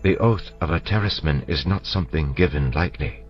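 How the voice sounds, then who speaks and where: A man voicing a calm, formal male scholar in an audiobook, polite and measured, on a dull lo-fi recording with faint music. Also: extremely low pitch.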